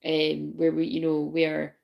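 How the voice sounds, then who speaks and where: Woman doing a spiritual reading to her viewers, lowish voice, rambly, swears a lot, keeps laughing and going "do you know what i mean". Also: completely flat delivery, measured pace, creaky, lo-fi sound. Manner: laughs often while talking. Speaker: spiritual reader.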